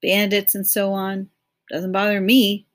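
A woman's voice: mid-range voice, monotone, a little slow, lightly acted. A woman reading an audiobook voices a confident adult man who brushes off danger and speaks with dismissive certainty. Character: brisk, self-assured adult man planning a journey.

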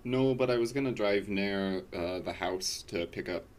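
A man's voice: fairly low pitch, normal speed, a little hiss or hum. A man playing a tabletop role-playing game, speaking casually. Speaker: player.

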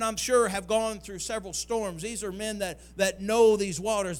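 A male pastor, preaching a sermon that builds to near-singing climaxes. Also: high-pitched.

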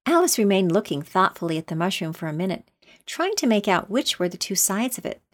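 A woman narrating a storybook in a measured, gentle manner. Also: mid-range voice, big pitch swings. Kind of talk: storybook reading.

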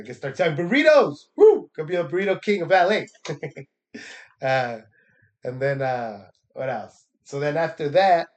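With a slightly mellow, mid-range voice, a young man recaps his week in a casual monologue. He's a stand-up comedian from Texas, and his telling is loose and profane, full of laughter and impressions of what others said.

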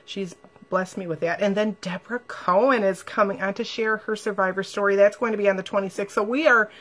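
A woman's voice: medium pitch, fairly even intonation, brisk, fairly bright tone. A woman hosting a live stream, talking casually and emotionally to viewers and reading their comments aloud.

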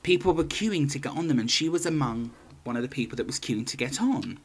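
A man co-hosting a podcast, telling a story in casual chat with wry, deadpan asides and frequent ums. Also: mid-range voice, fast, slightly rough. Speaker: podcast co-host.

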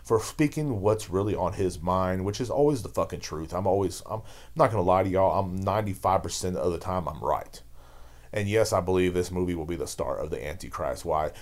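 A man's voice: sits low, fairly quick, a little mellow. A man hosting his own podcast, ranting on his own in a rambling, fired-up way, swearing constantly. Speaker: podcast host. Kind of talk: casual solo rant.

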